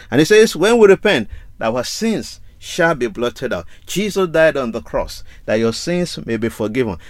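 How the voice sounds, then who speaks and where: A man's voice: mid-range voice, dry recording. A man preaching a sermon, reading scripture aloud and pressing his listeners with repeated rhetorical questions. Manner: emphatic, rhetorical questions and repetition.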